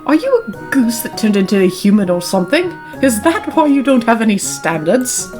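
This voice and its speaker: A woman's voice: a little high, big pitch swings, moderate pace, darkish tone, soft background music. A woman voicing a snobby, jealous rich young man who talks down to people in a condescending, haughty manner. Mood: disdainful.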